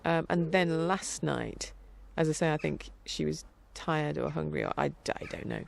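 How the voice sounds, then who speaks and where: A woman's voice: sits low, normal speed, vocal fry. A middle-aged woman rambling casually as a podcast host, chatty and meandering. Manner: chatty, meandering, with frequent restarts and laughs.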